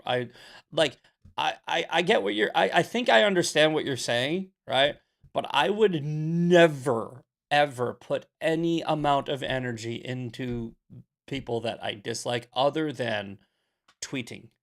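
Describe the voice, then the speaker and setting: Gravelly, blunt man hosting a show. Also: fairly high pitch, a little slow. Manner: blunt, sarcastic, animated storytelling. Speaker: podcast host. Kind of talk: casual commentary, reading questions.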